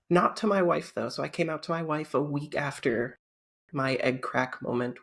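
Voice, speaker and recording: A woman's voice: low-pitched, creaky, slightly rough. A woman guest on a podcast interview, chatting candidly with blunt humor. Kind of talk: casual interview chat.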